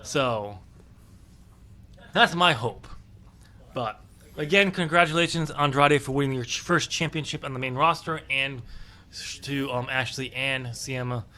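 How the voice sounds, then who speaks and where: A man's voice: mid-range voice, measured pace, long pauses, sharp tone. A man co-hosting a wrestling podcast in casual chat, opinionated and chatty, with frequent ums. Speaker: podcast co-host.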